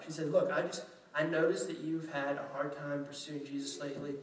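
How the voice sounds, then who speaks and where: A man's voice: on the high side, fairly even intonation, brisk. A male pastor from Louisiana preaching in a chatty, self-deprecating way, acting out quotes. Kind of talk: sermon. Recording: echoey room, mic at a distance.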